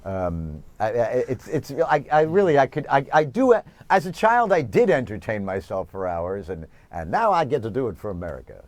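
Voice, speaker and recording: Casting: animated, self-mocking New York man, expressive pitch, dry close sound. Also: a little fast, few pauses, no echo. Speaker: guest. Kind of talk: remote TV interview.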